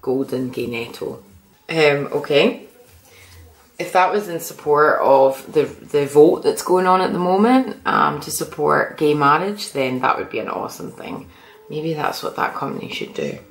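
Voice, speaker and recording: Woman, low voice, chatty vlog to camera, lively and a bit sweary, roomy echo. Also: moderate pace. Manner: chatty and animated, with mild swearing. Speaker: vlogger. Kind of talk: casual chat to camera. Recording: echoey room.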